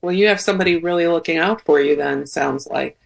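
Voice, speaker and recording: Gravelly-voiced woman radio guest. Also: sits low, fairly quick. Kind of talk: talk radio conversation.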